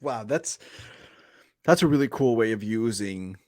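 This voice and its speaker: A man's voice: on the low side, expressive, a little slow, no echo, clean studio sound. A man hosting a podcast, chatting casually with his guest and agreeing with short replies. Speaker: podcast host. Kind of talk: casual chat.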